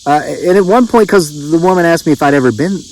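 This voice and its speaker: A man's voice: fairly high pitch, quick pace, a little mellow, a little hiss or hum, poor audio. Middle-aged West Virginia man telling a story. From West Virginia, USA. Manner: rambling, frequent restarts and quoted dialogue. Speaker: channel host telling a story. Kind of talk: casual storytelling monologue.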